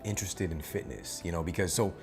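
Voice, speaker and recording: A man's voice: low-pitched, lively intonation, fast, a little mellow, faint music behind. A man interviewing a guest, asking loose, rambling questions.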